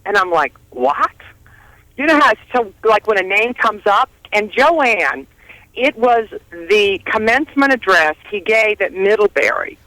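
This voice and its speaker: A woman's voice: mid-range voice, animated, normal speed, sharp tone, no room sound, poor audio. A woman calling in by phone to a talk radio show, chatting casually in a rambling way with frequent restarts. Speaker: phone-in guest. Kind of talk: casual chat. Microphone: phone line.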